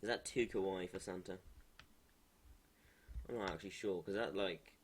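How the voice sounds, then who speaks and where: A man's voice: deep voice, steady tone, normal speed, heavy background noise. A man streaming live as a game developer, thinking aloud in a hesitant, muttering way and correcting himself as he draws pixel art at his computer.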